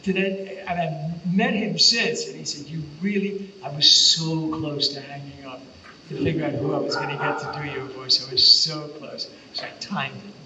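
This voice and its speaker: An older man spins playful anecdotes from a convention panel stage. His voice is bright and sits somewhat high for a man, heard from a distance in a roomy hall with a dull, slightly muffled sound. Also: steady tone, normal speed. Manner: playful storyteller, slips into character voices. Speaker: voice actor panelist.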